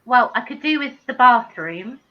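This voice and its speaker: A woman's voice: on the high side, expressive, normal speed, dull audio. A woman co-hosting a casual livestream, hesitant and prone to repeating herself. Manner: hesitant, repeats her words. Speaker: livestream co-host.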